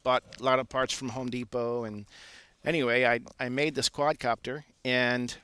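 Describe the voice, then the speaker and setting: A man who works as an aircraft engineer, casually telling a story in a relaxed, self-deprecating way with many filler sounds. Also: mid-range voice, normal speed, smooth, no room sound.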